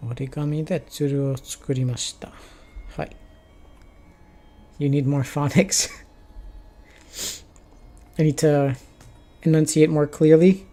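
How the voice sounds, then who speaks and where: Guy on stream slowly sounding out japanese homework, kinda high voice, mellow tone, faint music behind. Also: fairly even intonation. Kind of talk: casual live-stream Japanese study, reading aloud.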